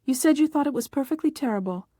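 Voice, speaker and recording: A woman reading the lines of a young newlywed bride who is anxious and quick to feel hurt. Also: sits high, lively intonation, mellow, no room sound, studio quality. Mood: touchy. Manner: fretful, hurt, quick to take offense.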